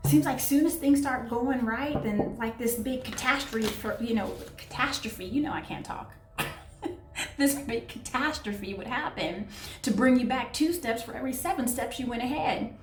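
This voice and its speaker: A woman's voice: a little high, moderate pace. A woman giving a casual tarot reading, chatty and affectionate, often searching for words. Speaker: tarot reader. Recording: echoey room, voice a bit far from mic, soft music behind.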